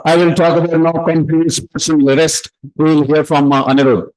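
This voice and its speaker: A man emcees a community event, his voice a little high. He introduces the next speaker in a loose, rambling way with plenty of fillers. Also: completely flat delivery, fairly quick, darkish tone, rough recording.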